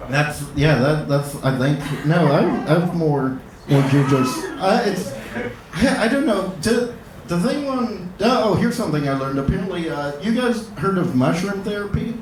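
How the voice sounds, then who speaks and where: A man doing a stand-up comedy set on a club stage, talking in a halting way with lots of fillers and restarts. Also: sits high, expressive, noisy background. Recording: roomy club, distant mic, loud audience.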